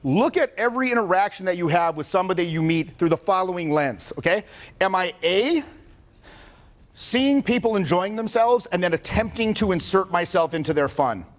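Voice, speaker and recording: Speaking at a moderate pace in a high, expressive voice, this man in his forties runs a laid-back, jokey seminar on social skills. He swears a lot and performs the quotes he repeats to the group.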